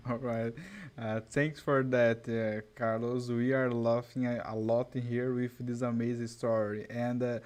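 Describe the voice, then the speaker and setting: A man hosting a live interview show, friendly and quick to laugh, with many "uh" fillers between his words. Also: medium pitch, flat delivery, darkish tone. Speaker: host.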